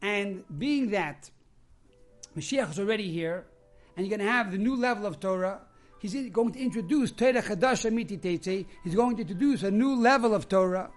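High-voiced man preaching a sermon. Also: normal speed, faint music behind. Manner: explains terms one after another, tells stories. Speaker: rabbi. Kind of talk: sermon with storytelling.

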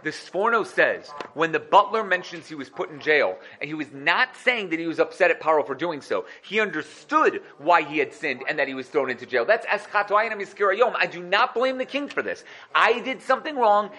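A man teaching the weekly Torah portion, explaining commentaries in a lively way and acting out quoted lines with rising excitement. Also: fairly high pitch, fairly quick.

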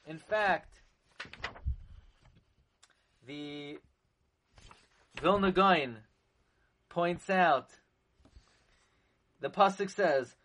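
Man giving a sermon: pitched high, unhurried, stresses key words and chants verses. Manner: animated, chanting verses in a singsong; slow, emphatic delivery with sudden loud accents. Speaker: rabbi teaching Torah.

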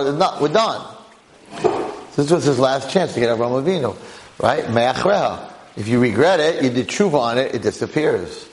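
A man teaching a lively Torah class to a live audience as a rabbi, telling the story with energy and firing off rhetorical questions. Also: on the high side, low-quality recording.

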